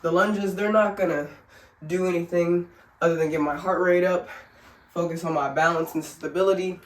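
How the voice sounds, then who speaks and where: This woman, a family vlogger, talks at normal speed with a fairly low pitch and fairly even intonation. Filming a casual instructional vlog at home in an echoey room, she shows simple workouts while sick and winded, joking, chatting, and poking fun at herself.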